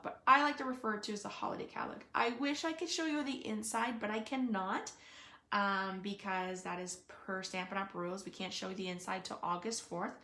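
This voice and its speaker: A woman's voice: fairly high pitch, fairly bright tone. A woman giving a casual live card-making demonstration, chatting and thinking aloud with frequent fillers. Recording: echoey room.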